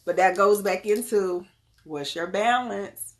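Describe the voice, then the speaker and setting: A woman chatting casually and directly to her viewers, lively and often laughing as she talks. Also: mid-range voice, takes it slowly. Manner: talks straight to the audience. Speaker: wellness vlogger.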